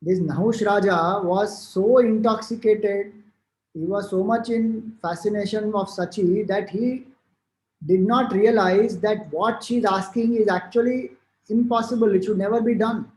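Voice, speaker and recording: High-voiced Indian man giving a spiritual talk. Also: steady tone, unhurried, a little mellow. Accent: Indian English. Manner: storytelling, explanatory, with fillers and restarts. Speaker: spiritual teacher. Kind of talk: devotional discourse. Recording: roomy echo.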